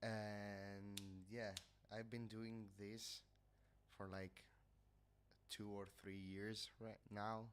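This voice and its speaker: Man, Italian accent, nasal, lowish voice, slow, hesitant, lots of fillers, casual stream chat, headset mic. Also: level tone, smooth. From Italy. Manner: hesitant, searching for English words, many fillers. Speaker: livestreamer.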